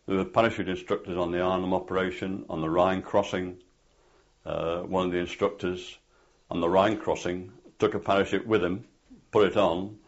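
Older man, deep, hesitant anecdotal storytelling, oral history interview, muffled lo-fi recording. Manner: rambling anecdotal storytelling with many fillers. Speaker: interviewee, former parachute instructor. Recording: dull lo-fi tape recording.

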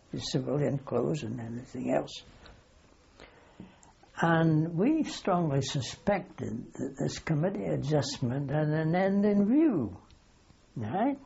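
A man's voice: on the high side, gravelly, mellow, lo-fi sound, slight background noise. An older man, a wartime aircrew veteran, telling a long anecdote in an oral history interview. He rambles, corrects himself as he goes and keeps a dry humour.

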